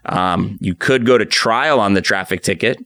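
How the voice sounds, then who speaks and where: A man's voice: fairly low pitch, normal speed, dry recording, clean studio sound. A man hosting a podcast as an attorney, chatting casually and acting out the people in his stories. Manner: animated storyteller acting out quotes. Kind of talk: casual conversational storytelling.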